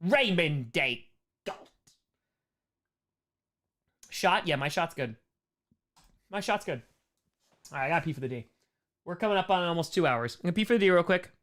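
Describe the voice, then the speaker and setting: A man with a hoarse, worn-out voice hosting a casual live Q&A, joking and rambling as he reads chat questions. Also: sits high, animated, fast, pauses often, a bit bright. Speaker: live stream host answering chat.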